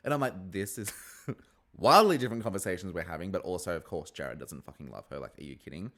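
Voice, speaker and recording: A man giving a casual, gossipy recap of a reality TV episode, swearing freely and mimicking the cast in a high voice. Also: lively intonation, brisk, a bit bright.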